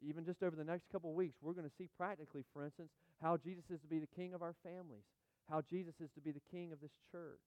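Emphatic man preaching in a dry, clear voice. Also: a little high, very fast, no room sound. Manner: animated, emphatic preaching with repeated phrases and asides to the congregation. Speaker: pastor. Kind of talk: sermon.

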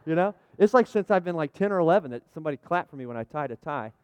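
Man, middle-aged pastor, chatty sermon, slightly high voice, calls for amens. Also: lively intonation, rapid-fire, darkish tone, clean tone, no echo. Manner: chatty, folksy, full of restarts and asides; jokes with the congregation, calls for amens. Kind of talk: conversational sermon with props.

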